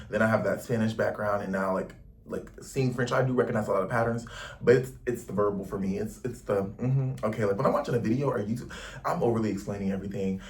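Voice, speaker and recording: A man's voice: fairly low pitch, distant mic. A young man from the United States talking casually to camera in a rambling, slangy travel vlog. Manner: chatty, rambling, slangy, lots of "like". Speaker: travel vlogger. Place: indoors in a Paris lodging.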